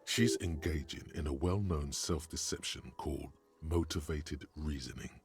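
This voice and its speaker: Very deep, rough, dark inner voice of a detective's mind, dry analysis, close dry sound. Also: male voice, normal speed, no room sound, exaggerated voice.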